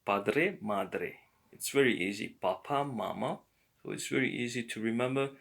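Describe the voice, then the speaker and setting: A man giving a slow, patient beginner language lesson, explaining words one by one. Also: medium pitch, vocal fry, a bit bright. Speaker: language teacher.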